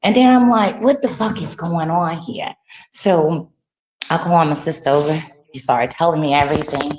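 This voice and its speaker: A woman telling a heated story in casual, profane speech, breaking into loud, high exclamations. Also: normal speed, slight background noise.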